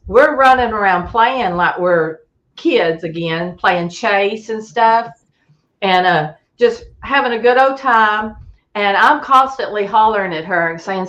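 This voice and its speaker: A woman tells a camping story in a relaxed, chatty way, mid-pitched, acting out the voices of the people in it. She chuckles now and then as she goes. The sound is a little dull and lo-fi. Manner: animated storyteller, acts out voices, chuckles often. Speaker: guest telling an encounter story. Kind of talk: casual storytelling on a call-in show.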